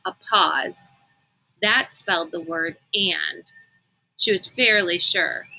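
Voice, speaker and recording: A woman reading a novel aloud in an unhurried, expressive storytelling manner. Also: lowish voice, gravelly, poor audio. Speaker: reader.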